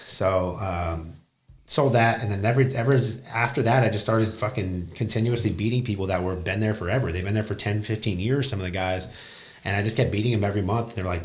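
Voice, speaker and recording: A man's voice: fairly low pitch, brisk. A young man, a business owner, telling his career story bluntly and profanely in a casual interview. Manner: blunt and profane, animated retelling.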